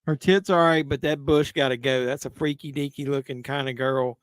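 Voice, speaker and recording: A man's voice: medium pitch, steady tone, brisk, clear, resonant tone, no echo. A man hosting a live movie watch-along, making casual commentary full of crude jokes. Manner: crude joking banter. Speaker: live-stream host.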